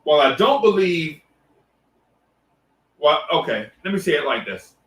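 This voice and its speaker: A man's voice: on the high side, very animated, measured pace, far from the mic. A man hosting a casual live stream, greeting viewers one by one and talking loosely with many restarts. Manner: loose, repetitive shout-outs with restarts and fillers. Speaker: livestream host. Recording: echoey room, voice set back from the mic.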